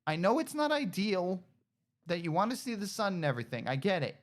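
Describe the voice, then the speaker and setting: Animated low-voiced woman gaming. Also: a little fast. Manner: animated, talks to herself and coaxes a pet pig; excitable shouts and cheers. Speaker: gaming streamer. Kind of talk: casual gameplay commentary.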